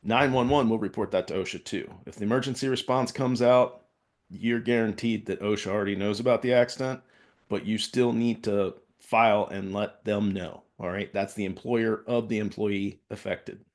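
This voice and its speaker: A man's voice: fairly low pitch, steady tone, normal speed. A man working as a safety consultant gives a workplace safety training talk in a conversational way, often checking in with his listeners. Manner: conversational, peppers points with "all right?" check-ins.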